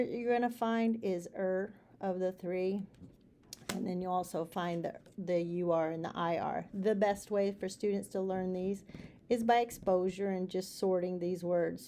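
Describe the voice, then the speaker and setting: Mellow-voiced woman teaching phonics. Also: on the low side, level tone, slight background noise. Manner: patient, repeats sounds slowly and clearly. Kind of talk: phonics lesson for students and parents.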